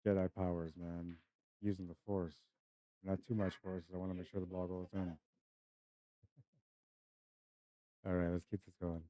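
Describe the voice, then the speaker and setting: Low-voiced, chatty pool stream commentator. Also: male voice, flat delivery, a little slow, pauses often, warm tone, no room sound. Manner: chatty, laughing, greets viewers by name. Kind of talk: casual live-stream commentary. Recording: dry, slightly dull stream audio.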